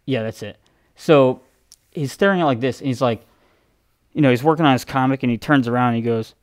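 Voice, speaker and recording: A man's voice: mid-range voice, a little fast, pauses often, no echo, clean studio sound. A man who streams from home, telling casual, rambling stories with profanity and frequent self-interruptions.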